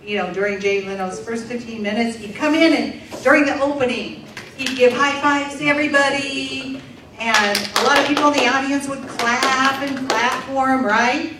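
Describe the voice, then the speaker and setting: A woman interpreting a deaf comedian's stand-up set aloud for a live audience, in a lively, animated way. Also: high-pitched, moderate pace, a little hiss or hum. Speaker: sign language interpreter voicing a deaf comedian. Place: large room with a live audience. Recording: echoey distant room recording.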